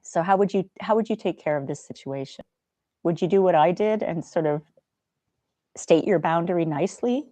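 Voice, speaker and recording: A middle-aged woman hosting a casual live stream, chatting gently and reading viewer comments aloud. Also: lowish voice, moderate pace, no room sound.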